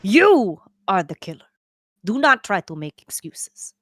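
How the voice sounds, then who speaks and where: Woman putting on a gruff Russian-accented sailor. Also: medium pitch, big pitch swings, a little hiss or hum. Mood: accusing. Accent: mock Russian. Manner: slow, threatening interrogation. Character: gruff menacing male sailor. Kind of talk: voicing a game character on stream.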